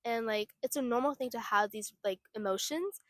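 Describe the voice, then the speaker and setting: A woman's voice: on the high side, moderate pace, fairly bright tone, no echo, studio quality. A young woman co-hosting a casual chat, agreeable and full of "like" fillers. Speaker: podcast co-host.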